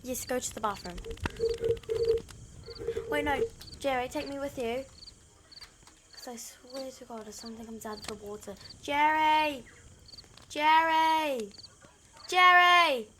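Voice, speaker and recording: Over a noisy background, a New Zealand woman with a fairly high voice plays a horror game for her gaming channel. Her tone stays steady at a moderate pace with long pauses as she addresses the characters dramatically, easily startled.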